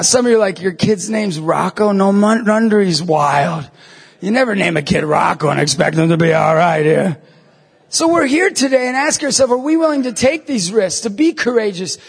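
A man in his thirties giving an emphatic evangelization talk to an audience, telling stories and breaking into shouts. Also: sits high, gravelly, slightly rough. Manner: emphatic, storytelling, bursts into shouts. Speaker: Catholic evangelist speaker. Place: large hall before an audience. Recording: long reverb of a hall.

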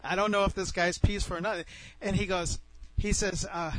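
A middle-aged man telling a personal story in an animated way, often restarting and repeating words. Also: high-pitched, fairly quick, low-quality recording.

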